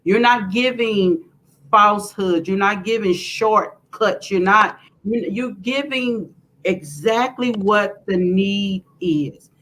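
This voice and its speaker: A woman's voice: mid-range voice, slow pace, a bit bright, low-quality recording. A woman guest co-host in a casual advice talk, affirming and chiming in with agreement. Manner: affirming, frequent agreeing interjections.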